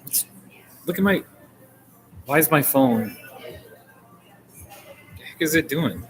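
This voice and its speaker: A man in his forties, from the United States, chatting casually on a live stream and answering viewers' comments. He laughs often and his voice jumps up when he gets excited. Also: a little high, slow pace, soft background music, poor audio. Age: 40s.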